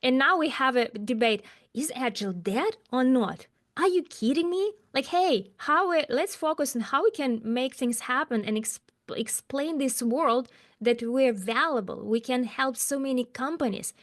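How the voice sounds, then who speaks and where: A woman speaking as an as an interview guest, talking about her work with emphatic, animated rhetorical questions. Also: high-pitched, normal speed. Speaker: guest, agile coach. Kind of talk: interview conversation.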